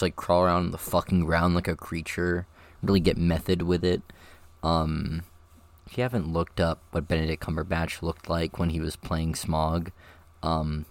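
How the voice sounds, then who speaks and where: Low male voice actor, dry booth sound, rambling self-mocking chatter between takes. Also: no room sound. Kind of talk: casual chat between takes. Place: home recording booth.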